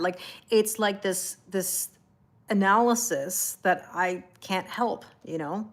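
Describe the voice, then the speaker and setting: A woman with a medium-pitched voice gives a tarot reading on a live stream at a moderate pace. She talks casually and rambles, greeting viewers by name, with plenty of fillers and self-corrections.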